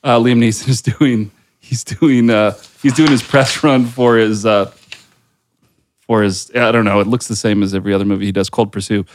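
A man's voice: on the low side, fairly even intonation, normal speed, slight background noise. A man hosting a pop culture podcast, chatting casually with loose, profane phrasing and plenty of fillers. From United States. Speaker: podcast host.

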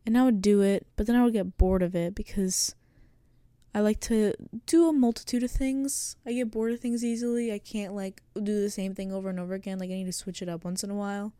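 A teenage woman chats alone into a close microphone, musing and rambling with many fillers. Her voice sounds mellow and soft-edged, and the recording is dry with no room sound at all. She talks like a casual solo podcaster thinking out loud. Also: mid-range voice, steady tone, brisk, clear, resonant tone, no echo. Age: late teens. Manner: rambling, filler-heavy, reflective. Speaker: podcast host. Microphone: close studio microphone.

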